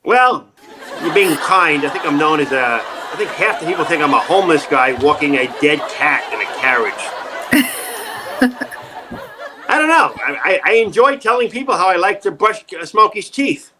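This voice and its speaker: A man's voice: a little high, sing-song, moderate pace, noisy background. A man, an acting coach, telling self-mocking comic stories in an interview, laughing often and acting out the voices he quotes, on a video call.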